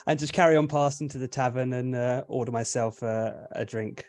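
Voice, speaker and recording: A man's voice: mid-range voice, fairly even intonation, brisk, a little mellow. Easygoing male tabletop player. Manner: easygoing, hesitant, chuckling. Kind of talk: casual tabletop play.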